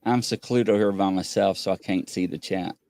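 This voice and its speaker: A man co-hosting a casual livestream, chatting with viewers in an animated way and often laughing as he acts out conversations. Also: normal speed, creaky. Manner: animated, laughing, acts out quoted exchanges in a higher voice. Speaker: livestream co-host.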